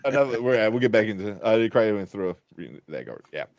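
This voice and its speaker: A man's voice: fairly low pitch, lively intonation, rapid-fire, a little mellow, no room sound. A man hosting a casual film podcast, rambling with many fillers and frequent laughs. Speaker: podcast host. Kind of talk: casual chat.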